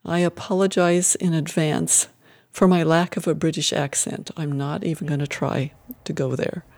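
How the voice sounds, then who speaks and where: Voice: mid-range voice, moderate pace, no room sound. A host casually introducing a short story from a collection, then reading it aloud. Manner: relaxed, chatty.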